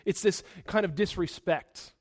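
A man preaches a sermon. He is animated and acts out angry outbursts, and he corrects himself mid-sentence as he goes. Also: sits high, unhurried, husky.

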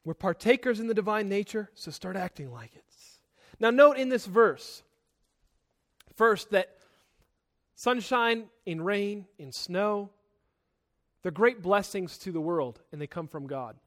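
A young man preaching a sermon, emphatic, moving between loud and soft passages and often repeating words as he starts a sentence. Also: sits high, lively intonation, measured pace, pauses often. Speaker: pastor.

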